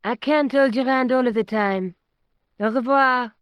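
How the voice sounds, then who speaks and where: A woman voicing a brisk young woman on the phone, curt and impatient. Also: fairly high pitch, clear, resonant tone, dry recording, natural voice.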